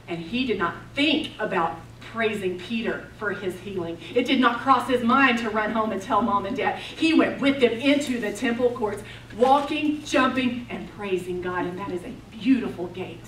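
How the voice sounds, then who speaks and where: A woman preaching a sermon at a retreat, telling the story with passion and swinging between loud declarations and hushed, intense moments. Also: mid-range voice, normal speed, few pauses, a little hiss or hum. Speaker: women's retreat speaker. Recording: roomy, distant mic, faint ambience.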